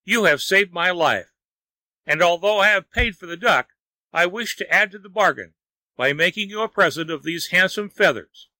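A desperate, begging lazy man from a folk tale, as a male reader puts him on. His voice rides high and bright, wailing and pleading. The recording is dry and close. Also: expressive, moderate pace, dry recording, exaggerated voice. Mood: grateful.

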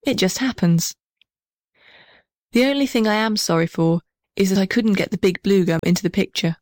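A woman reading a children's story aloud in a gentle, measured way. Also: mid-range voice, no echo, studio quality.

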